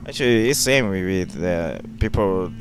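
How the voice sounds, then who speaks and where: A man from South Korea with a Korean accent, a guest speaking halting non-native English in a casual interview. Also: deep voice, animated, music in the background. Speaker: guest, web novelist.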